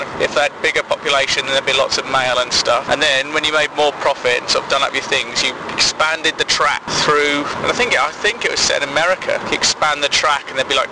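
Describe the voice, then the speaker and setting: A man's voice: mid-range voice, background noise. A man hosting a casual comic monologue, rambling and laughing at his own sarcastic asides. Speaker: comedy blog host.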